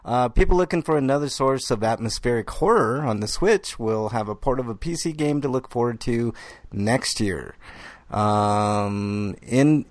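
A man hosting a gaming news podcast, reading stories in an easygoing way and throwing in quick asides. His voice sits at an ordinary pitch, and the sound is dry and close. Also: dry recording. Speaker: podcast host. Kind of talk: casual gaming news chat.

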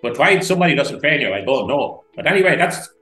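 In a rough, roomy recording with faint music in the background, a man from Ireland who coaches public speaking gives a podcast interview. He's enthusiastic and emphatic, pausing for effect, his medium-pitched, slightly bright voice swinging widely in pitch.

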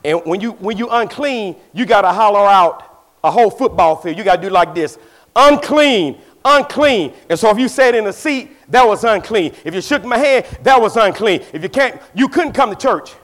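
This man preaches with a strikingly high voice and a Southern US Black vernacular accent. His delivery is folksy call-and-response, telling homely stories before climbing into shouted exhortation. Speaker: pastor. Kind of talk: preaching a sermon.

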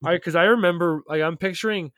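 A man's voice: high-pitched, quick pace, fairly bright tone, no room sound. Rambling young man, dry close mic. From Calgary, Canada. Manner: rambling, lots of "like" fillers, irritated storytelling. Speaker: podcast co-host. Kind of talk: casual chat.

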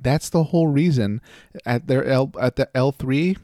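A man co-hosting a podcast, talking in a relaxed back-and-forth with a mid-range voice. He laughs often and his pitch jumps high when he gets worked up. The sound is dry and close to the mic. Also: normal speed, no room sound. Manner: animated and laughing often, voice jumping up when excited. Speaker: podcast co-host. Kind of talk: casual podcast chat.

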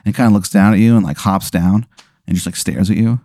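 A man hosting a podcast, spinning an improvised comic story in a loose, animated way, full of "like" and swearing. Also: lowish voice, fairly quick, no echo, clean studio sound. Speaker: podcast host.

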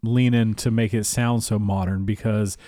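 A man's voice: lowish voice, steady tone, normal speed, warm tone, no room sound, studio quality. A man co-hosting a casual podcast, blunt and opinionated, often laughing at his own jabs. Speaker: podcast co-host. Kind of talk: casual chat.

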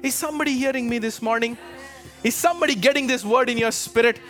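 High, bright-voiced preacher exhorting his congregation. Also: quick pace, faint music behind. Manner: fervent, exhorting, calls out to the congregation. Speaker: pastor. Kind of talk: sermon. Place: church with a live congregation.

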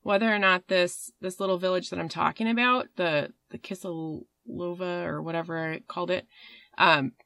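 A woman's voice: on the low side, steady tone, normal speed, vocal fry, pushed and bright, no room sound, clean studio sound. A woman hosting a podcast, telling a story in a rambling, casual way with fillers and swearing. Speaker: podcast host.

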